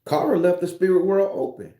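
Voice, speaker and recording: A man's voice: high voice, a little fast, mellow. A man ranting casually to his viewers as a spiritual vlogger, profane, rambling and preachy. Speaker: spiritual tarot reader vlogger. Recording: roomy echo.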